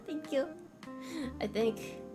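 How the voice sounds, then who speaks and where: Young woman, high-pitched, giggly, self-deprecating, casual stream chat, faint background music. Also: huge pitch swings, very slow. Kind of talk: casual chat reading viewer messages.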